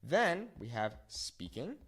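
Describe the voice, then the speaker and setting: Man, Spanish teacher, lively voice, slow repeated words, whiteboard lesson. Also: mid-range voice, slightly rough. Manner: animated, repeats words slowly for pronunciation.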